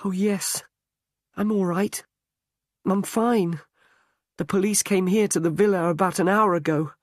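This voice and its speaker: Man voicing a young heroine, raised pitch, quick and eager, dry read. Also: fairly even intonation, no room sound. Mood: relieved. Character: young woman, anxious then relieved heroine.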